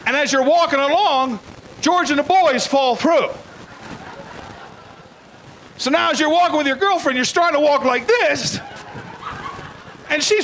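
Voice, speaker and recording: A man's voice: very high voice, a bit bright, slight background noise, low-quality recording. An older man doing a crude, blunt stand-up comedy routine, acting out bits in put-on voices.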